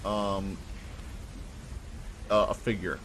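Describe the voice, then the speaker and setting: A man's voice: deep voice, steady tone, very slow, a bit bright, a little hiss or hum. A man narrating a tabletop game as game master, in a casual, hesitant way with many fillers.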